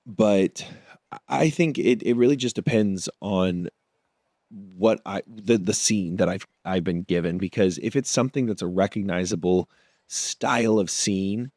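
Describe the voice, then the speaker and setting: Low-pitched guy, actor guest in a chill interview, mulls stuff over as he talks, dry close sound. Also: unhurried, a little mellow, no room sound. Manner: thoughtful, works through ideas aloud. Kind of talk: casual interview conversation.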